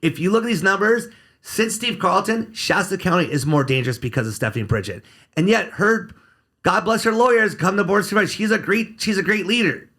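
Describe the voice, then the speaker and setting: A man's voice: high voice, sing-song, a little fast, bright, forceful tone. A man who works as a criminal defense attorney, guesting on a podcast and talking bluntly and sarcastically, cursing freely. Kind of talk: casual podcast interview.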